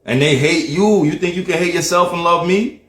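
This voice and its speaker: A man's voice: on the high side, moderate pace, fairly bright tone. Jamaican guy ranting on stream, cussing and laughing a lot, patois slips in, echoey room. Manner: blunt, swearing, laughs often, lapses into patois. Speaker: livestreamer. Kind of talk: profane livestream rant.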